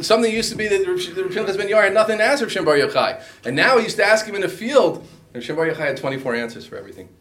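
Man teaching a Talmud class, higher voice. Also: fairly bright tone. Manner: weaves Aramaic and Hebrew phrases into his English explanation.

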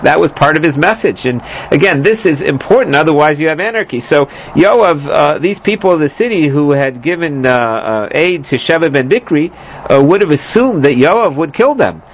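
Rambling male scripture teacher, slightly high. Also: lively intonation, normal speed, muffled recording, a little hiss or hum. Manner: rambling, many fillers and restarts, asides and jokes. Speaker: Bible teacher. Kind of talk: lecture on scripture.

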